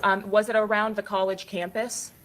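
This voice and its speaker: A woman attorney examining a witness in court. She asks her questions in a measured, formal manner. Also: medium pitch, level tone, slight background noise, poor audio. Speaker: prosecuting attorney.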